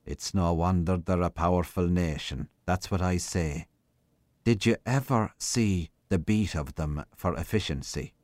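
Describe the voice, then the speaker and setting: A man's voice: low voice, a little slow, a little mellow, no echo. A man voicing a chatty, rambling Irish country policeman who marvels aloud. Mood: marvelling. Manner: rambling, wondering talk.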